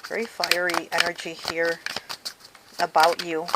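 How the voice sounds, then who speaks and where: A woman's voice: on the low side, monotone, unhurried, very noisy. A woman doing a casual tarot card reading, talking straight to the viewer in a chatty way and often saying "okay" and "you know.". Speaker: tarot reader.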